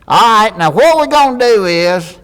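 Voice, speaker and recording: A man with a Southern US accent voicing a folksy backwoods male brain surgeon who talks in a broad, loud drawl. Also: high voice, expressive, normal speed, clean tone, in a large hall, voice pushed up.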